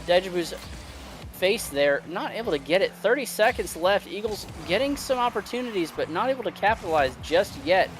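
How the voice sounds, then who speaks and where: A man casting esports play-by-play with quick running calls, later asking players questions. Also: high-pitched, a little hiss or hum. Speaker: play-by-play caster. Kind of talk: esports commentary.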